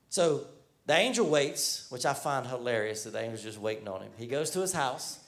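A man's voice: medium pitch, normal speed. A man preaching a sermon, retelling a Bible story in casual, everyday speech and speaking the figures' lines in his own voice.

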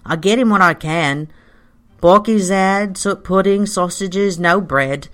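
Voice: mid-range voice, slow, a bit bright, pitched above the performer's own voice. A reader voicing a worried woman servant who speaks in an earnest, deferential way.

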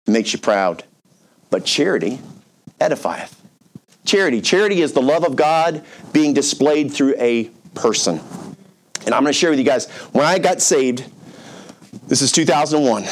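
A man delivering a sermon in a relaxed, talky way, leaning hard on key words and dropping in asides to his listeners. His voice sits at a middle pitch for a man. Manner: conversational and emphatic, with asides like "man" and "okay". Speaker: pastor. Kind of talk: storytelling sermon.

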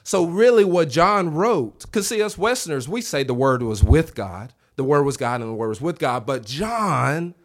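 A man preaching a revival sermon in a church, animated, acting out quoted voices and calling on the congregation to answer back. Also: fairly high pitch, moderate pace, few pauses. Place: church sanctuary.

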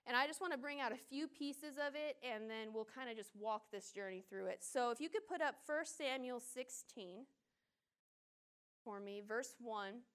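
Lively high-voiced woman preaching. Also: smooth. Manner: lively, laughs at herself, acts out scenes in quick voices. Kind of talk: casual sermon with scripture reading.

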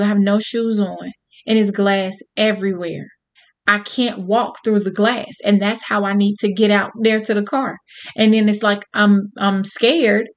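A woman telling a personal story to an audience in a candid, profane, animated way. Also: mid-range voice.

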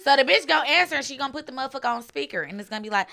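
A woman with a high, bright voice tells raunchy stories loud and fast, acting out every person in them. She sounds fired up and playful, not holding anything back. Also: gravelly. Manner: loud, animated, acts out voices in her stories. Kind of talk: raunchy casual storytelling.

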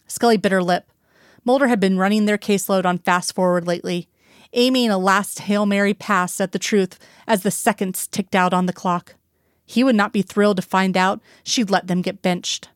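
A woman narrating a fan fiction story aloud in steady storytelling. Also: mid-range voice, normal speed, smooth, no room sound, clean studio sound. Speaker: reader.

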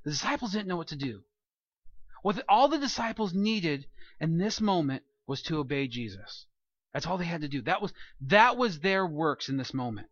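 A man preaching a sermon as pastor, animated, asking rhetorical questions and acting out quoted voices. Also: a little high, moderate pace, breathy edge, dry recording, highs cut off.

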